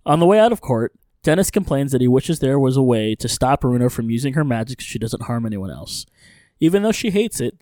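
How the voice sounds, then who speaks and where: A man co-hosting a podcast, recapping an episode in casual chat with lively narration and joking asides. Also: medium pitch, no room sound, clean studio sound. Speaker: podcast co-host.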